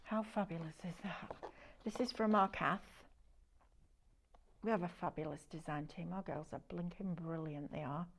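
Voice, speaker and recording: A woman's voice: lowish voice, moderate pace. A woman presenting a live shopping show, chatty and gushing as she praises each product. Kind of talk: live sales demonstration.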